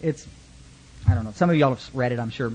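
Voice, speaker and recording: A man's voice: mid-range voice, a little fast, husky. A middle-aged man with a Texan accent, sharing his recovery story at a fellowship meeting in a folksy, joking way. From Texas, USA. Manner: folksy, joking, lots of restarts.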